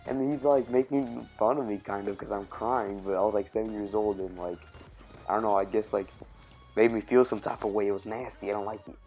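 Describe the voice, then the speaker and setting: A man's voice: fairly low pitch, fairly even intonation, brisk, darkish tone, soft background music. A young man casually telling a personal story on his channel, rambling with lots of fillers and self-corrections. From Cuban family. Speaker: YouTube storyteller.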